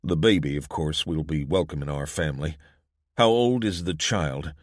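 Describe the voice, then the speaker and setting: Audiobook: man as a pompous, stilted male recruiter, very low voice, dry sound. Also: normal speed, dry recording. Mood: formal. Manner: formal, stilted, preachy.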